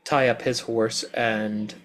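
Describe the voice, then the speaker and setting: A man plays a tabletop game, working out his moves aloud in a hesitant way. He fills the gaps with ums and restarts. His voice sits at an ordinary middle pitch. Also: flat delivery, slow pace, fairly bright tone. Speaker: player.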